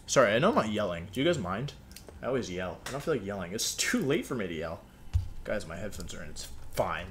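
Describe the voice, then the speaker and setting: A man's voice: fairly low pitch, very animated, fast talker, a bit bright, a little hiss or hum. A young man chatting casually to his viewers while recording a game video at his desk at home, rambling and joking at himself. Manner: rambling, self-mocking, talks to himself. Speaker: gaming video creator.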